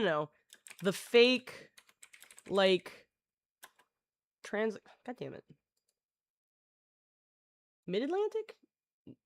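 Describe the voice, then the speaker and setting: A woman's voice: on the high side, clear, resonant tone, no room sound. A woman live streamer chatting with her viewers in a rambling, jokey way, often breaking off and restarting her sentences. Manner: jokey, scattered, full of restarts and self-interruptions.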